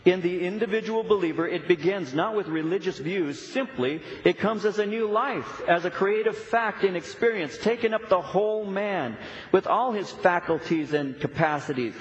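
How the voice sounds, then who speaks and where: A man's voice: high-pitched, animated, moderate pace. Emphatic preaching man in an echoey hall. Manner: earnest, emphatic preaching with repetitions. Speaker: pastor. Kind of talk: sermon. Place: church sanctuary. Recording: echoey, dull church recording.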